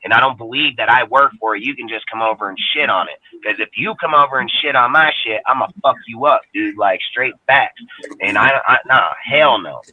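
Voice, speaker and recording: A man from the United States rants on a casual talk show, swearing constantly and speaking bluntly. His voice sits at an ordinary middle pitch. The sound is dry and narrow, like a phone line. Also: no echo. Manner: profane, blunt and heated. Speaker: podcast co-host. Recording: dry, phone-like band-limited audio.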